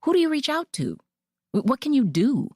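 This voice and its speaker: A woman narrating a mystery audiobook in the first person, with measured storytelling. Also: high voice, huge pitch swings, darkish tone, no echo, studio quality.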